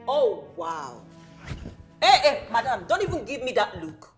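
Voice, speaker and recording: An actress with a Nigerian accent playing a lively young woman who teases her nervous friend in a film drama, slipping into Pidgin. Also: fairly high pitch, a little slow, soft background music. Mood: teasing. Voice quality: teasing, lively, mixing Pidgin into English.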